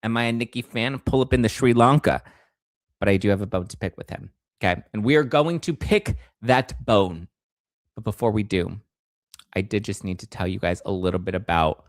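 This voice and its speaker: A male host giving sarcastic, animated commentary on celebrity news, at times jumping into high squeals. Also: moderate pace, no echo, clean studio sound. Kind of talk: casual commentary.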